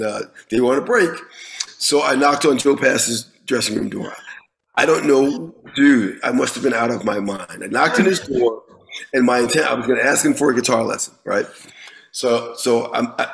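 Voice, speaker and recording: Gravelly-voiced man telling a story. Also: medium pitch, poor audio. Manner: animated, swears freely, repeats words when restarting. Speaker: guest musician. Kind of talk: casual storytelling in an interview.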